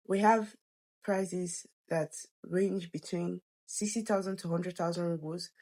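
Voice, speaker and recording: A slightly hoarse woman, an education consultant, talking the viewer through figures in a conversational explainer video. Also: on the low side.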